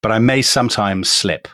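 A man's voice: fairly low pitch, unhurried, bright, forceful tone, no room sound, studio quality. An English man co-hosting a history podcast, telling the story with enthusiasm and frequent chuckles. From England. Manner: enthusiastic storytelling, chuckles often, addresses co-host by name. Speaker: podcast co-host. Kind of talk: casual history podcast chat.

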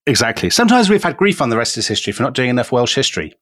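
A rapid-fire English co-host with a mid-range, slightly bright voice and big pitch swings drives this casual history podcast. He tells the tale with enthusiasm, chuckles often, and addresses his co-host by name, in a studio-quality recording with no echo.

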